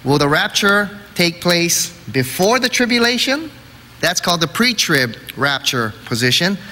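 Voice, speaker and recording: A middle-aged man from Hawaii preaching a storytelling sermon in an animated way, acting out quotes and sound effects. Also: high voice, measured pace. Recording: reverberant hall, faint noise.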